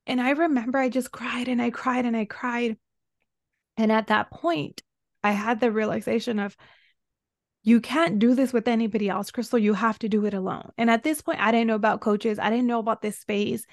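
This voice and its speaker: Gravelly-voiced woman telling her story. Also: a little high, fairly even intonation, moderate pace, no room sound, clean studio sound. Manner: earnest, emotional, recounting a hard time. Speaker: guest, women's soul embodiment coach. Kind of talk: personal storytelling in a podcast interview.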